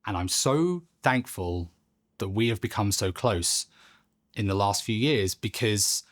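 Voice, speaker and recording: A young man telling a personal story in a halting, emotional way, with long pauses. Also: on the low side, expressive. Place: studio.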